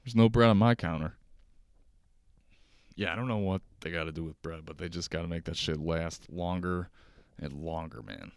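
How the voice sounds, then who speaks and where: A young man rambles through stories at his kitchen table, swearing freely and laughing as he goes. His voice sits very low and smooth, and the recording is close and dry with no room sound. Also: moderate pace, pauses often, no room sound. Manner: loose, profane, rambling with laughs. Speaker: podcast host. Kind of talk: casual solo storytelling. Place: kitchen at home.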